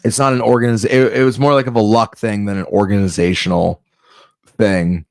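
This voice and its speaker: Rambling man with a low, dry voice. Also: steady tone, brisk, gravelly, darkish tone, no room sound. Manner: rambling, self-interrupting, off-the-cuff. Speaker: comedian. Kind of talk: rambling comedic monologue.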